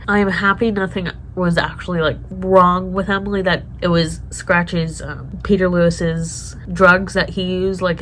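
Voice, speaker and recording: A woman's voice: lowish voice, fairly bright tone, slight background noise, poor audio. A woman vlogger reacting to a TV show in casual chat, emotional and swearing often as she talks to herself.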